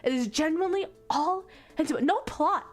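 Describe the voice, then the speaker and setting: A woman's voice: very high voice, lively intonation, moderate pace. A female streamer giving casual commentary, exasperated and swearing a lot.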